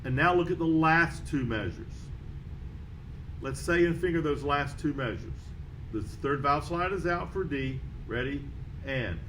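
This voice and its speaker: Man, slightly high voice, band teacher; steady note-calling and count-ins, faint hiss. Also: measured pace, poor audio. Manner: counts off and calls out notes steadily. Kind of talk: instrument lesson walkthrough.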